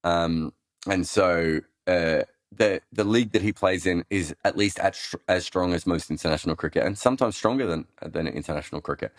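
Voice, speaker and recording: A man's voice: low voice, normal speed, no room sound, studio quality. A man hosting a live cricket Q&A, rambling through answers with many ums and restarts. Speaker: cricket analyst host answering listener questions. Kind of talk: casual live Q&A chat.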